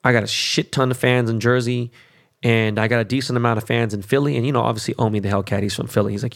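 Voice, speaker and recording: This podcast host, a man in his forties from Los Angeles, talks quickly at medium pitch in a steady tone with vocal fry. He rants bluntly and casually, swearing heavily and constantly checking in with "okay?".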